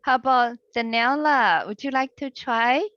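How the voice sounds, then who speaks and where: Slow, patient woman teaching on a video call. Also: sits high, no echo. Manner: patient, encouraging, slow explanations. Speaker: online Chinese language instructor. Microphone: computer mic on a video call. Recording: lo-fi video-call audio, dry.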